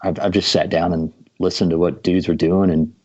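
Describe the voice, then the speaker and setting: Deep-voiced laid-back man, about forty. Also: flat delivery, moderate pace, a little mellow. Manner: laid-back storytelling with many fillers. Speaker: guest drummer. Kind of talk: casual podcast chat. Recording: dull lo-fi sound.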